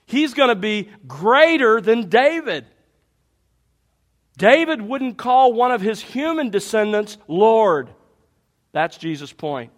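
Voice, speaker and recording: A man with a fairly high voice preaches a sermon. He teaches through a Bible passage with energy, leaning on emphatic rhetorical questions to drive each point home. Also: sing-song, takes it slowly. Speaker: pastor.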